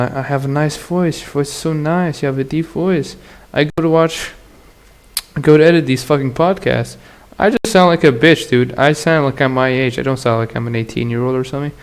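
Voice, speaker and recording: A man hosting his own podcast, talking alone in a rambling, crude, slangy way with frequent laughs. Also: mid-range voice. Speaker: podcast host. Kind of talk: casual solo podcast monologue.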